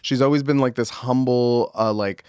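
A man's voice: mid-range voice, normal speed, smooth, no echo. Chatty man guest, dry close sound. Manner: chatty, laughs often, drops into quiet deadpan asides. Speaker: podcast guest. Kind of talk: casual comedic chat.

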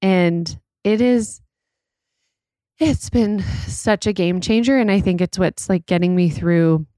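Podcast co-host, woman in her 30s: chatty, laughs easily, lower pitch, dry close-mic sound. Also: takes it slowly, no echo. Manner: chatty, laughs often, warm storytelling. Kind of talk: casual chat.

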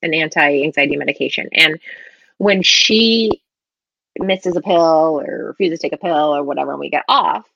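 Woman podcast co-host, thirties, lowish voice, animated casual chat, dry close mic. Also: moderate pace, creaky, dry recording, dull audio. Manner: animated, laughs often, lots of "like" fillers.

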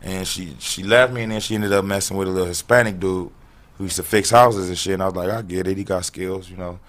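A man telling stories in an animated, profane way as a podcast guest in a casual chat. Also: sits low, fast.

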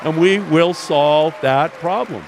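A man's voice: fairly high pitch, slow, big-room sound, a faint crowd, a little hiss or hum. An older man with a Boston accent, a guest senator speaking earnestly on a live stage and building to emphatic points. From Boston area, USA. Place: theater stage with audience.

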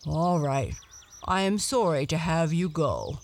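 A woman reading a storybook aloud and voicing a friendly, warm-hearted male dog in a slower, lower and louder voice with a changed timbre. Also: animated, full character voice.

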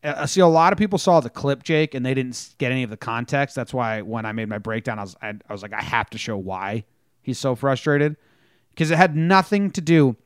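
A man's voice: medium pitch, fairly quick, clean tone, no room sound, clean studio sound. A man co-hosting a casual sports podcast, telling stories animatedly and acting out players' lines. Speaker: podcast co-host.

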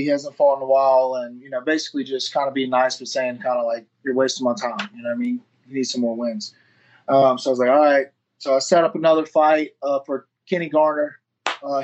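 Man, 30s, slightly high voice, rambling and profane storyteller, muffled lo-fi audio. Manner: rambling, profane, acts out quoted dialogue. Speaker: fighter and firefighter, interview guest. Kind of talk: casual interview storytelling.

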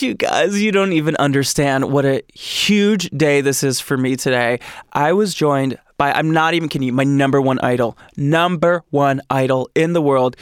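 Excitable, gushing male podcast host. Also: on the high side, clear, resonant tone, no room sound, clean studio sound. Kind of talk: casual podcast chat and reading listener stories.

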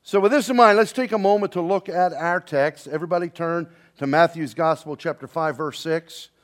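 A man preaching a sermon to a congregation, swinging between soft, slow lines and loud, quick ones and calling on the listeners to respond. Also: fairly high pitch. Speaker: pastor. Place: church sanctuary with congregation, also streamed online.

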